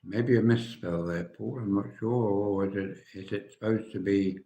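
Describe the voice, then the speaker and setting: A man's voice: lowish voice, moderate pace, mellow, reverberant, low-quality recording. An older man from England hosting a live stream, chatting casually and answering viewer comments with dry humour. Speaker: livestream host.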